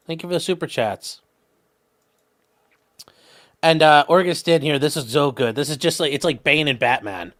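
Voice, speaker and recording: A man hosting a livestream, reading viewer super chats aloud in a quick, offhand way. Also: fairly high pitch, a bit bright. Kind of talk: casual livestream chat.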